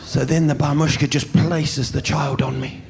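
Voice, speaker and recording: Man, stand-up comedian, high voice, swooping, crowd laughter, live stage. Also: normal speed, noisy background. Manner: animated storyteller who swings into loud shouts.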